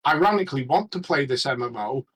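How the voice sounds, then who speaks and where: A man chatting casually as a regular on a podcast, rambling and halting with many restarts. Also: mid-range voice, animated, a bit bright, breathy edge, poor audio. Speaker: regular panelist.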